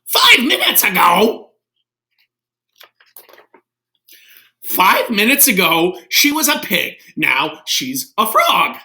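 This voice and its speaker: A man's voice: fairly high pitch, huge pitch swings, slow pace, pushed and bright, heavily acted. A man voicing an anxious, earnest elephant in a storybook, his voice rising when alarmed. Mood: worried. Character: anxious worried elephant friend.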